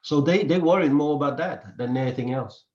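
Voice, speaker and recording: A man hosting a casual podcast chat, talking haltingly and often repeating words. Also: a little high, a little mellow. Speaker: podcast host. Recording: echoey room, dull lo-fi sound.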